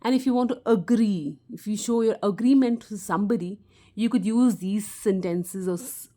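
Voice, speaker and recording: A woman's voice: mid-range voice, moderate pace. A woman teaching simple phrases to children, explaining patiently and lifting her voice on the example sentences. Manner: clear, patient explaining with bright, sing-song example phrases. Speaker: English teacher for kids. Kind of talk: simple spoken lesson.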